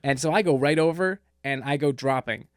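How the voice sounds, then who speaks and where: A man co-hosting a podcast in casual chat, an animated storyteller who laughs often. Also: fairly high pitch, a little fast, no room sound, studio quality. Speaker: podcast co-host.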